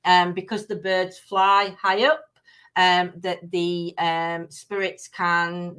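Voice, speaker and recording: A woman's voice: on the low side, little pitch movement, takes it slowly, fairly bright tone, clean tone. A middle-aged woman hosting a casual live-stream chat, rambling with many ums and restarts as she answers viewers. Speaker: livestream host.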